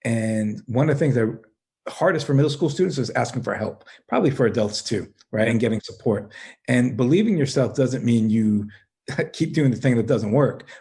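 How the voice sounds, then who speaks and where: Middle-aged male guest, gravelly voice with a lot of fry, breaks into laughs as he talks. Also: mid-range voice, dark tone. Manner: laughs often while telling his story, many restarts. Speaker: guest, middle school teacher and life coach. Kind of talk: casual podcast conversation.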